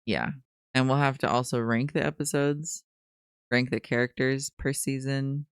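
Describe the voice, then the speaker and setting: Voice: mid-range voice, moderate pace, clear, resonant tone, no echo. A podcast co-host in casual chat, giving dry, blunt one-word summaries of characters.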